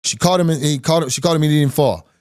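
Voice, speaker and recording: A man in his thirties casually telling a personal story on a podcast, animated, quoting others and repeating phrases as he goes. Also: a little high, fast talker, dry recording, clean studio sound.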